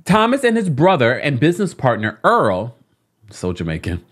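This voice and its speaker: A woman's voice: extremely low pitch, normal speed. A woman with a London accent co-hosting a podcast, reading a news report aloud and reacting to it as she goes. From England. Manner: animated, breaks off reading to react. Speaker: podcast co-host.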